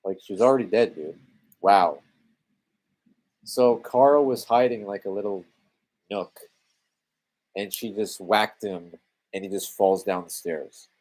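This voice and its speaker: A man with a Canadian accent and a slightly mellow, lowish voice talks a little slowly, leaving long pauses. He's a movie commentary live-streamer, sarcastically and wearily narrating a film while swearing freely.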